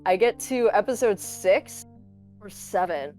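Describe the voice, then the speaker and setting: A woman, a content creator, chatting as a guest in a casual interview, telling lively stories and acting out quotes with laughter. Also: mid-range voice, measured pace, soft background music. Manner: animated storyteller, acts out quotes, laughs often.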